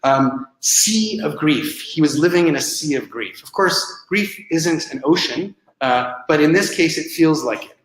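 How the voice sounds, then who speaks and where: A male presentation coach talks a seminar through examples in a relaxed, conversational way. His ums and uhs are frequent, and his voice sits a little high. The sound carries a noticeable room echo. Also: unhurried, hardly any pauses. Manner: conversational, filler-heavy, explaining with examples.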